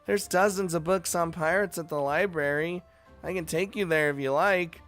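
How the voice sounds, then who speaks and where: A man's voice: on the high side, moderate pace, a bit bright, no echo, soft background music, voice pushed up, close to an everyday voice. A man voicing a practical young woman companion who speaks in a matter-of-fact, lightly teasing way. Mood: dry.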